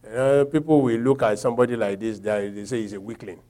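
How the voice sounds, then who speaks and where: A man preaching a sermon, quoting scripture and asking the congregation rhetorical questions, swinging from quiet reflection to loud emphasis. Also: mid-range voice, steady tone, fast talker.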